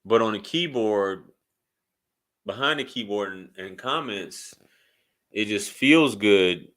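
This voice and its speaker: A man's voice: fairly low pitch, animated, takes it slowly, a bit bright. A man speaking bluntly and profanely in a casual commentary vlog, rambling with frequent restarts. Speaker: YouTube commentator.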